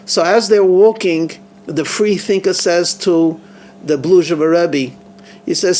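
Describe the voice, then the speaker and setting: A man, a rabbi, telling a story in an earnest, halting manner, often restarting his phrases. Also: high-pitched, steady tone, darkish tone, slight background noise. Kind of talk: storytelling sermon.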